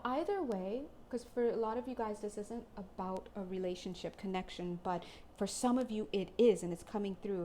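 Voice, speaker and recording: A woman doing a casual spiritual card reading for viewers, chatty and excitable, often slipping into playful little voices. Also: mid-range voice, a little hiss or hum.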